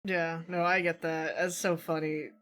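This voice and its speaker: A man's voice: a little high, unhurried. Chatty Midwestern man hosting a stream. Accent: Midwestern American. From United States. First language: Vietnamese. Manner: relaxed and chatty, many fillers and laughs. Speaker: stream host. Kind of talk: casual online chat.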